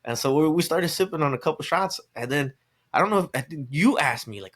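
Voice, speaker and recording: A man's voice: fairly high pitch, animated, quick pace, fairly bright tone. A young adult man telling a long, rambling wedding story as a podcast guest, acting out quotes and laughing often. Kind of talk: casual storytelling chat.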